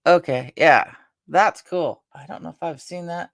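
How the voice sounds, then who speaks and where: Woman, live-stream host, rambling and halting, tired, gravelly, dry close sound. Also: sits low, no room sound. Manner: meandering, halting talk with many restarts and fillers. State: tired and drained after a stressful day. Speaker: livestream host.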